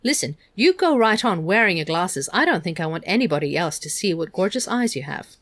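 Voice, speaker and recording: A woman voicing Calvin, a gentle teenage boy, speaking in a reassuring way. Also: fairly low pitch, very animated, a little fast, no room sound. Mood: tender.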